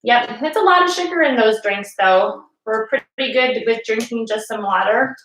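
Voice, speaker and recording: A woman with a slightly high voice teaching a family yoga class from her couch at home. She talks to children in a patient, encouraging way. The room is echoey. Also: normal speed, a bit bright, slight background noise. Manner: patient, encouraging, speaks to kids.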